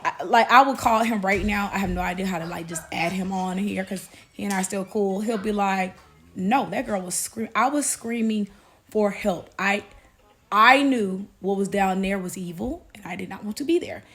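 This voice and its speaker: A young adult woman telling her testimony to viewers in a casual, animated way, talking straight to the audience and insisting she is not kidding. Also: mid-range voice, moderate pace. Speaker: Christian testimony vlogger.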